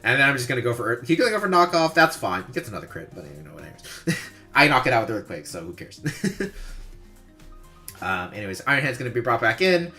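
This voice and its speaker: A man's voice: mid-range voice, sing-song, fast talker, bright, forceful tone, faint music behind. A man giving casual, rambling commentary over a replay of his own match, chuckling often and swearing offhandedly.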